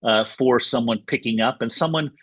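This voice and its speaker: A man co-hosting a podcast in casual chat, earnest and enthusiastic, halting with fillers. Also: medium pitch, a bit bright, dry recording. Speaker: podcast co-host.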